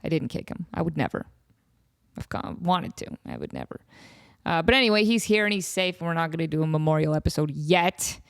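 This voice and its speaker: A woman's voice: sits low, big pitch swings, fairly quick, gravelly, dry recording, studio quality. A woman hosting her own podcast, chatting casually and telling jokey stories with playful impressions. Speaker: podcast host. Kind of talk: casual solo podcast chat.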